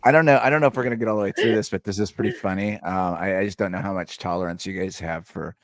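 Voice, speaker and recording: A man hosts a streamed chat show in a laid-back, wry way. His voice is low and gravelly, and the sound is close and dry with no room to it. He mutters to himself between remarks. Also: fairly even intonation, rapid-fire, no echo. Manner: laid-back, wry, mumbles while fiddling with settings. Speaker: podcast host. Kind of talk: casual chat on a live stream. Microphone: remote streaming setup.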